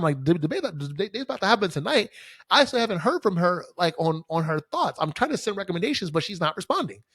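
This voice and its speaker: A young man hosts a solo podcast, telling stories in a casual, profane, exasperated rant packed with fillers and swearing. His voice is high-pitched, and the studio-quality recording has no echo, captured on a studio microphone facing the camera.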